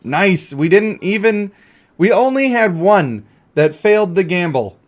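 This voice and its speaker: A man's voice: sits high, expressive, unhurried. A male game streamer in casual live-stream commentary, chatty and joking as he talks to himself and his chat.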